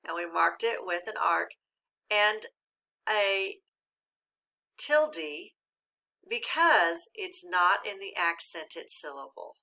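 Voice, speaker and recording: A woman teacher giving a slow, patient phonics lesson, speaking clearly and sounding out each syllable. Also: lowish voice, bright, forceful tone. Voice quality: clear, deliberate enunciation of syllables.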